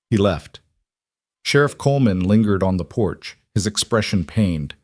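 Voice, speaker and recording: A man narrating a scripted story in a steady, measured way. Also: low-pitched, no room sound, studio quality.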